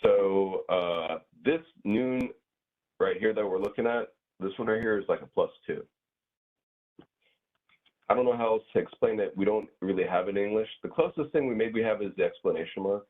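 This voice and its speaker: A man with a very low voice gives a relaxed class explanation, hedging and restarting as he goes. His voice is husky and comes through a thin, tinny call line. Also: moderate pace. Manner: hesitant, many fillers and restarts. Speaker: grammar teacher. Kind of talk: casual online class explanation.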